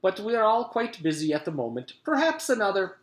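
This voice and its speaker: A man playing a mean, voice-stealing teacher who sneers at the children and turns sugary-polite with grown-ups. His lines come loud and pushed, and the room gives them a roomy echo. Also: high-pitched, sing-song, fairly quick, voice pushed up. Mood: falsely polite. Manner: sneering, then falsely polite.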